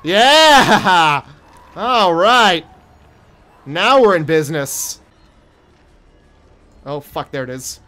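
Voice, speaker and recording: A young man giving let's play commentary on a horror game, jumpy and profane, yelling at monsters and taunting them. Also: high-pitched, big pitch swings, drawn-out words, pauses often. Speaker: gaming streamer.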